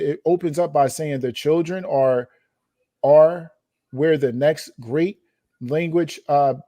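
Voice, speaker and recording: A man's voice: fairly high pitch, dark tone, no echo, studio quality. A man hosting a commentary show, reading quoted passages aloud and then commenting on them emphatically with rhetorical questions. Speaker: host reacting to documents.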